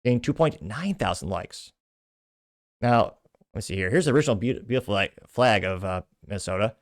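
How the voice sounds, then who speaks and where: A man from Texas hosting a political commentary show, reading posts aloud with quick, opinionated asides. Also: fairly low pitch, lively intonation, dry recording, clean studio sound. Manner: quick, opinionated, frequent restarts. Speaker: host.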